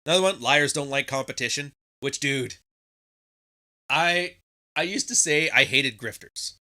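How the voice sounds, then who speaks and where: Man, podcast host, casual monologue, profane, sarcastic, mocking impressions, sharp tone. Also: on the high side, measured pace.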